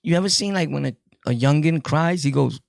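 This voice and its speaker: A man with a New York accent telling his prison stories to viewers in a casual, jokey way, full of street slang and quick laughs. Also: fairly high pitch, gravelly, no echo, clean studio sound.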